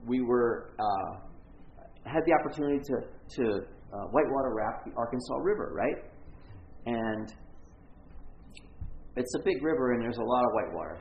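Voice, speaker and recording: A male pastor tells a story to his congregation in a rambling, self-mocking way, often stopping to restart his sentences. His voice is gravelly. The recording is echoey and a bit muffled, with faint room ambience behind him. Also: medium pitch, lively intonation, normal speed, long pauses. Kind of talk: storytelling sermon.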